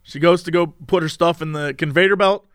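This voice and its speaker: A man's voice: fairly high pitch, normal speed, no room sound, studio quality. A man telling a story in casual chat, acting out other people's lines. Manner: animated, acts out people's lines in mimicked voices. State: tired from no sleep. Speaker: podcast co-host.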